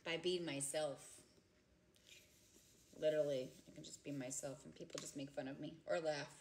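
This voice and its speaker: A woman in her thirties chatting casually with viewers on a livestream from home. She is giggly and chatty, and she often breaks into loud laughter. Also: deep voice, fairly even intonation, moderate pace, a little hiss or hum. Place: home, indoors.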